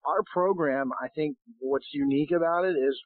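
A man, a golf professional, talking casually as a guest, hoarse and losing his voice, rambling with many restarts. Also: on the high side, normal speed, no room sound. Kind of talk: casual phone interview. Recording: tinny phone line.

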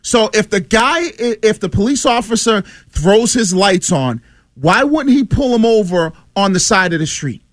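High-pitched male radio co-host, dry close studio mic, pushy point-by-point arguer. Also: animated, normal speed, no echo. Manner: emphatic, argues point by point, interrupts callers. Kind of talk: radio call-in debate.

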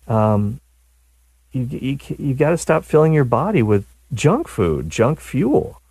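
A man's voice: medium pitch, sing-song, takes it slowly, darkish tone, slightly rough, no room sound. A middle-aged man hosting a radio talk show, rambling and self-deprecating, with many restarts. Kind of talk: casual talk radio monologue. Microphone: studio mic.

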